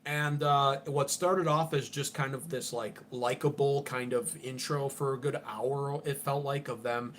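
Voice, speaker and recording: A man's voice: medium pitch, fairly even intonation, unhurried, few pauses, a bit bright, slight background noise. A man under forty, hosting an unscripted political livestream in an abrasive, profane, ranting way.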